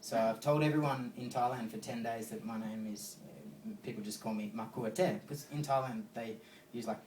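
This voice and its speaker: A man's voice: mid-range voice, moderate pace, darkish tone, a little hiss or hum. An Australian man doing a stand-up comedy set, rambling and crude as he tells stories. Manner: rambling, crude storytelling with swearing. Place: comedy venue stage with live audience. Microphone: phone recording from the audience. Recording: distant phone recording in echoey room.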